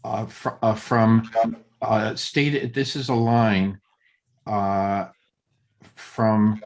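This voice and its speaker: A man leading a group Torah study discussion, halting and searching for words as he reads passages aloud and weighs which word to stress. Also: lowish voice, flat delivery, a little mellow.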